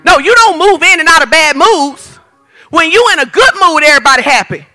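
A man with a strikingly high, piercing voice preaching a sermon. He is animated and playful, slipping into quick acted-out scenes and raising his voice to a shout for emphasis. His bright, sharp tone cuts through. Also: soft background music. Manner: animated preaching, acts out quotes, playful humor. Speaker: pastor.

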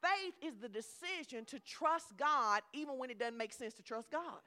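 A middle-aged woman preacher giving a lively, conversational sermon with humor. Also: sits high, normal speed.

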